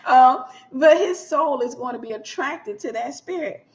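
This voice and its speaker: A woman minister delivers a teaching sermon in a relaxed, conversational way, repeating her main points and acting out small scenes. Her voice sits fairly high. The recording is dull and lo-fi. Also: measured pace. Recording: dull lo-fi sound.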